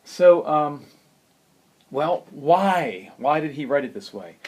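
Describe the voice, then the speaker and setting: A man giving a spoken piano lesson, unhurried and thoughtful, who sings rhythms and counts beats aloud. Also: fairly high pitch, lively intonation, darkish tone, husky. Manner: unhurried, thoughtful, with many fillers. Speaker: piano teacher.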